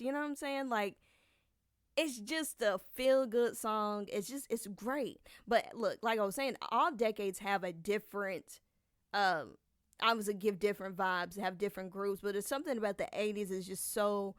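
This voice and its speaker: A woman's voice: mid-range voice, clean tone, no echo, clean studio sound. Chatty rambling woman podcast host. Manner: chatty and rambling, with many fillers. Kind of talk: casual live-streamed podcast monologue.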